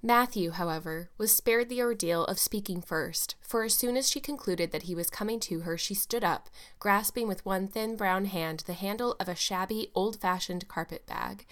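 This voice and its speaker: A woman narrates a classic novel as an audiobook reader, her medium-pitched voice measured and expressive in a storytelling style.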